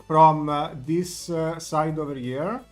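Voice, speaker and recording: A man's voice: on the high side, fairly even intonation, takes it slowly, soft background music. A man narrating a tabletop game as game master, hesitant and full of fillers.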